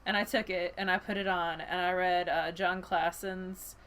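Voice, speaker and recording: A woman co-hosting a casual chat show, an animated storyteller who laughs often and acts out the lines she quotes. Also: fairly low pitch, normal speed. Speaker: podcast co-host, school librarian.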